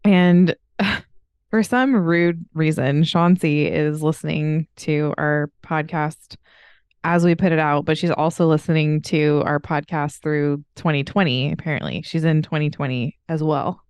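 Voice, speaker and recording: A woman in her thirties hosts a casual podcast chat and tells stories with frequent laughter. Her voice sits a bit low and sounds smooth. The recording is dry and close. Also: steady tone, a little slow, darkish tone, no room sound. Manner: chatty, laughs often while telling stories. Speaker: podcast host.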